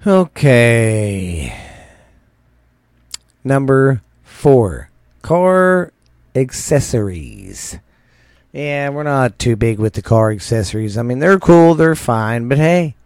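A man's voice: mid-range voice, lively intonation, unhurried, darkish tone, clear, resonant tone, dry recording, clean studio sound. A middle-aged man hosting a show, rambling casually through a countdown with crude jokey asides. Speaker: show host. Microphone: studio microphone.

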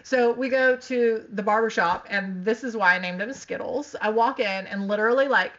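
A woman tells a story on a casual podcast, filling it with "like" and acting out every quote. Her voice is bright and sits a little high. The recording sounds dull and lo-fi. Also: moderate pace. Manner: animated, laughing, frequent "like", acts out quotes. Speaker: podcast co-host telling a story.

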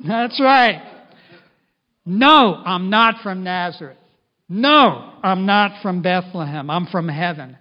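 A middle-aged male pastor preaching a sermon in an animated way, at times speaking in the first person as Jesus. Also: high-pitched, takes it slowly. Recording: dull lo-fi sound.

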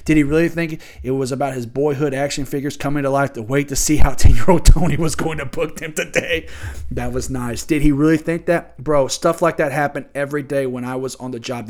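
A man hosting a casual solo podcast, talking in a heated, profane, rambling way. He keeps circling back and restarting his sentences as he works himself up, at an ordinary mid pitch. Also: fairly even intonation, brisk. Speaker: podcast host.

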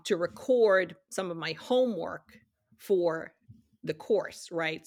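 Middle-aged woman guest, low-pitched and chatty, dry close recording. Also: a bit bright, no echo. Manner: chatty, acts out quoted dialogue in her anecdotes. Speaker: interview guest, studio executive. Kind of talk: casual storytelling interview.

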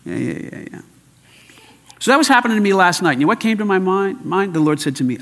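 A man's voice: fairly high pitch, expressive, fairly quick. Older male pastor preaching in a long-reverb hall. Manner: emphatic, swings between loud and hushed. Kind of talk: sermon.

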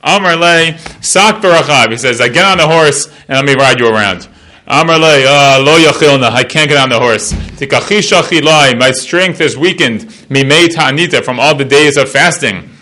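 A man's voice: a little high, moderate pace, pushed and bright. A man teaching a Talmud page in a casual class, reading Aramaic and translating it line by line in a chatty way, full of fillers.

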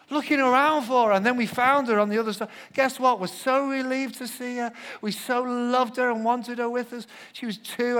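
A middle-aged man preaching a sermon as a pastor, animated, swinging between loud acted-out shouts and soft asides. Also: sits high. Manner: animated storyteller, shouts when acting out quotes, drops to soft asides. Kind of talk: sermon with personal story.

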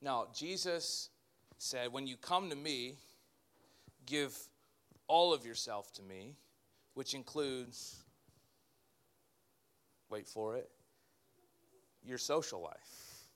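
A man, a pastor, preaching a sermon in an animated way with joking asides to his congregation. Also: medium pitch, slow pace, pauses often.

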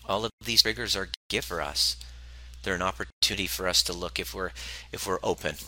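A man's voice: low voice, fairly even intonation, fairly quick, pushed and bright, low-quality recording. A man coaching a live group on relationships, speaking emphatically and bluntly, swearing freely and repeating phrases for emphasis. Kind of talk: motivational talk to a live group.

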